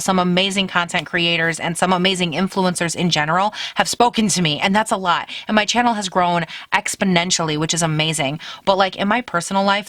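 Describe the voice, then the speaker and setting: A woman's voice: fairly low pitch, a bit bright, no echo. A woman in her late twenties, a beauty YouTuber chatting casually to her viewers from her bedroom, upbeat and talkative, calling her audience "girl.". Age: late 20s. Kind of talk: casual vlog chat to camera.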